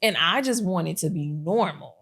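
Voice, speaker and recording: Woman podcast host, low gravelly voice, chatty storyteller who laughs easily. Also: normal speed. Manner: lively storyteller who acts out quotes and laughs often. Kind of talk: casual sit-down chat.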